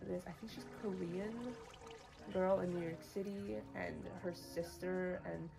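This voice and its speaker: A woman's voice: fairly low pitch, level tone, unhurried, vocal fry. A woman livestreaming, chatting casually about books she has read, bluntly opinionated and full of "like". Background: music playing.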